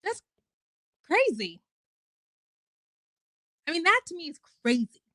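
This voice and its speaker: A woman's voice: very high-pitched, very animated, slow pace, sharp tone, no echo. A woman in her twenties hosting a casual livestream, chatting in a rambling way with lots of fillers and swearing. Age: 20s. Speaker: host.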